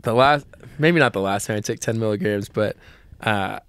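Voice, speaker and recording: A man's voice: lowish voice, moderate pace, a bit bright, smooth. A man hosting a podcast, chatting casually and laughing often as he tells his own story. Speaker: podcast host. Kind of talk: casual chat.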